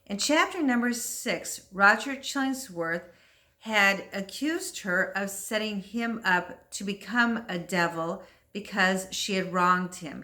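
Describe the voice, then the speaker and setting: Slow, clear woman teacher. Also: medium pitch, sharp tone. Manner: slow, clear, deliberate explaining. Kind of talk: literature commentary for English learners.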